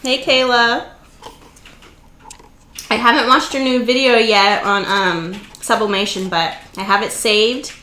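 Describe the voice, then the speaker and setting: A woman's voice: a little high, fairly even intonation, unhurried, pauses often, bright, forceful tone. A woman hosting a casual live stream, chatting easily, greeting viewers by name and laughing often. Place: home craft room. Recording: roomy echo.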